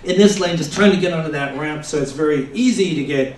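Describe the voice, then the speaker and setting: A man doing a stand-up comedy set, telling a rambling story with shouted character bits, from the of America. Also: on the high side, fast talker. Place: comedy stage before a laughing audience. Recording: roomy live venue, mic heard from a distance.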